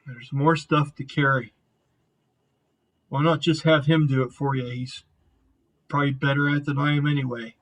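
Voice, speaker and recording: A man's voice: medium pitch, flat delivery, normal speed, long pauses, fairly bright tone, close to an everyday voice. A bitter half-orc butcher who feels sorry for himself, as a man plays him. He talks in a sulky, resentful way. He is a character in a tabletop game.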